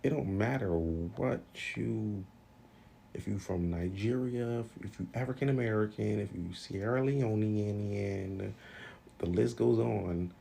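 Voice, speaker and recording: A man's voice: lowish voice, a little slow, gravelly, warm tone, slight background noise. A young man in a blunt, exasperated casual rant, swearing freely. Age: young adult. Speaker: commentator. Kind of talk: casual social media rant.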